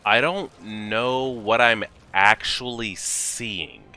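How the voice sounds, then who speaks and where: A man hosting an anime reaction video, talking casually and excitably, swearing and talking back at the screen. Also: fairly low pitch, extremely slow, smooth.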